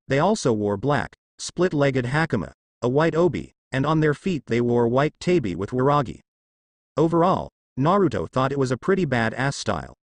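A man reading a fan story aloud as a steady, scripted narration. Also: medium pitch, dry recording.

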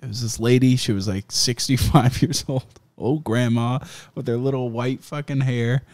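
A man's voice: mid-range voice, fairly even intonation, moderate pace, darkish tone. A man hosting a podcast, telling a story in casual, profane chat, laughing often and acting out the people he quotes. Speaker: podcast host.

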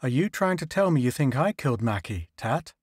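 A man's voice: medium pitch, very animated, a little fast, breathy edge, no echo, clean studio sound. A man voicing a gloomy spaceship astrogator. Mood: accusing.

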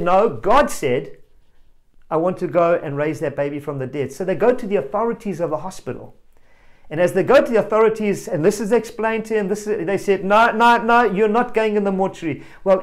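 A male preacher giving a family sermon, telling a story with animated energy and calling out directly to children and parents. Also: high-pitched, brisk. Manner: animated storyteller, rising to loud exclamations.

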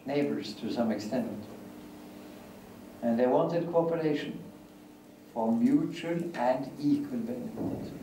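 Older man lecturing in an echoey hall. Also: on the high side. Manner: deliberate, repeats key phrases, acts out children's voices. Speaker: guest lecturer. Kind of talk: academic lecture answering questions. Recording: echoey hall, distant mic, faint hiss.

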